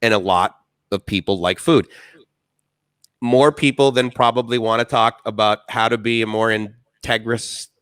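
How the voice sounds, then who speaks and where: A man's voice: lowish voice, moderate pace, clean tone, no echo. A man co-hosting a casual live-stream chat, talkative and enthusiastic, telling stories with lots of energy. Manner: enthusiastic, talkative, animated storytelling. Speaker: co-host.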